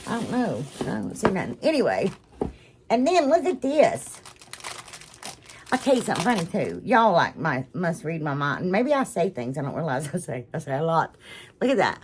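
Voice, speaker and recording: A woman's voice: lowish voice, sing-song, normal speed, background noise. A woman hosting a craft channel, chatting casually to viewers, gushing and emotional with lots of restarts. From United States.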